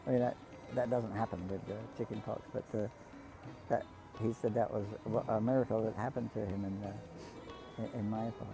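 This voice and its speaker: A man casually telling devotional stories to a group, halting often with restarts, coughs and throat clearing. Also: lowish voice, fairly even intonation, music in the background, low-quality recording. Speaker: storyteller speaking to pilgrims.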